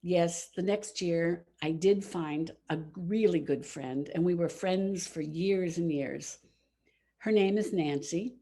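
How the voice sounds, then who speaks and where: A woman's voice: fairly low pitch, slow, warm tone. A woman in her seventies telling a heartfelt personal story to all ages at a church service. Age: 70s. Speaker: congregation member telling a children's story.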